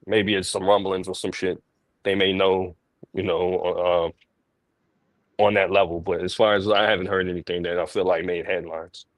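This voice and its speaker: A man's voice: sits low, moderate pace, dry recording. A man co-hosting a podcast over a remote call from outdoors, talking loosely and casually. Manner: relaxed, loose with fillers. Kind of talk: casual chat.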